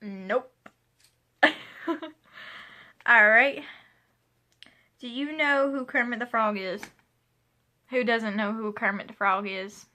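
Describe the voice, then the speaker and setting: A twenty-year-old woman vlogs from a room at home while a pet plays nearby, answering tag questions with a talkative ramble full of asides. Her voice is a little high, pushed and bright, and she speaks slowly with frequent pauses.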